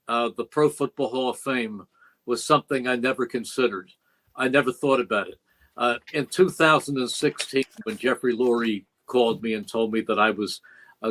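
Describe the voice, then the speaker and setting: A man's voice: medium pitch, a bit bright, rough recording. An older man, a veteran radio play-by-play broadcaster, telling stories earnestly in an interview and acting out quoted dialogue. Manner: earnest, reflective storyteller who acts out quoted dialogue. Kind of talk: interview storytelling.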